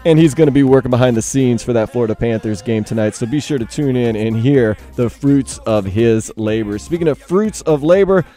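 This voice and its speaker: A young man hosting sports radio, playful and energetic, jumping up in pitch to hype the coming shows. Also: brisk, few pauses, faint music behind. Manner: energetic, playful, jumps high in pitch for emphasis. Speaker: radio host. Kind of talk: upbeat sports radio promo. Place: radio studio.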